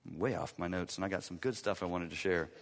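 A man preaching a sermon as pastor, emphatic, repeating key lines and swinging from loud to hushed. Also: deep voice, quick pace, long reverb tail.

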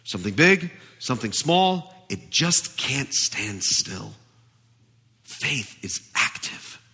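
A man pastor preaching a sermon, animated and emphatic, in a church with a long reverb. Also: fairly low pitch, husky.

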